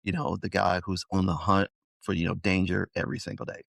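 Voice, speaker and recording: A man hosting a podcast, asking questions in a relaxed, hesitant way. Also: low voice, a little fast, gravelly, no echo, studio quality. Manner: relaxed, hesitant, lots of "you know". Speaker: podcast host. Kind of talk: casual interview chat.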